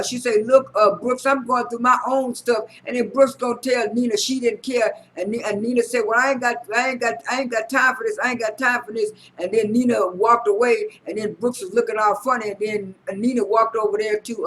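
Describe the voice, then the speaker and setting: A man recapping a reality show episode in a casual, halting way, with lots of repeated "and" and "uh" and frequent restarts. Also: sits high, fairly bright tone, rough recording. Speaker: recap vlogger.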